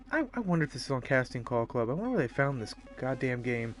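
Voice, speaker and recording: A man's voice: mid-range voice, very animated, fast, few pauses, faint music behind. A man streaming a visual novel, reading the story aloud and breaking off into profane, self-mocking asides. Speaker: game streamer.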